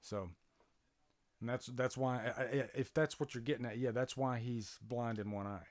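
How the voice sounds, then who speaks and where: A man's voice: mid-range voice, steady tone, normal speed, darkish tone. A man talks through a movie on a casual live stream from his home. He rambles in a chatty way, full of fillers and restarts, and stops now and then to answer viewers. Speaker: channel host doing live movie commentary. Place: home, near a playing TV.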